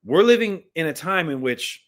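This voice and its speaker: A man's voice: fairly high pitch, expressive, moderate pace. A man hosting a live stream, reading news and scripture aloud and commenting on it with passion, talking straight to his viewers. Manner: impassioned, talks straight to viewers, reads texts aloud. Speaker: livestream host and Bible commentator.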